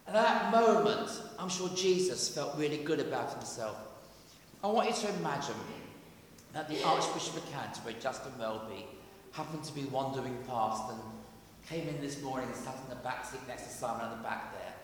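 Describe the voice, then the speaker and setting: A vicar with a high, lifted voice preaches in a chatty, lively way, slipping in jokes as he goes. His words ring around a big echoey church, and a long reverb trails each phrase over a faint hum of ambience. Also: moderate pace. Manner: conversational and animated, with jokey asides. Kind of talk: sermon.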